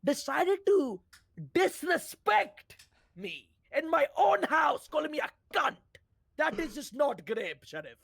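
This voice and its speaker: A man's voice: high voice, sing-song, moderate pace, breathy edge, no room sound, full character voice. A man playing an aggrieved, theatrical man who files a complaint and slips in and out of a put-on accent. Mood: indignant. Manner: keeps saying "brother" and "right?", theatrical pleading. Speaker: role-play character. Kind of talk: game role-play.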